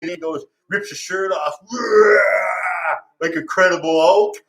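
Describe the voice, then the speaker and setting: Man streaming from home, slightly high voice, unhurried, crude and giggly, keeps cracking himself up. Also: fairly bright tone, echoey room. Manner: laughs constantly, crude, rambling. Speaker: live streamer. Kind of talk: rambling crude joking chat. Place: at home, alone.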